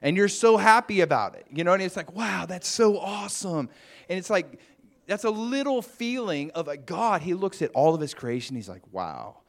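A man's voice: high voice, animated, fairly quick. A man preaching a conversational sermon, musing aloud with asides to the congregation. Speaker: pastor.

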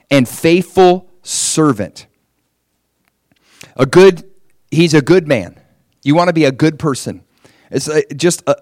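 Animated, lively-voiced male preacher. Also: medium pitch, no room sound, clean studio sound. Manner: animated, conversational, acts out quoted voices. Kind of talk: sermon.

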